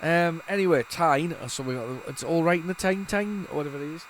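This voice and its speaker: A man's voice: on the high side, fast. Guy rambling on about old game tapes, waffly, lots of restarts, a bit of faint hiss behind him. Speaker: retro gaming channel host. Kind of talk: casual commentary while loading old tapes.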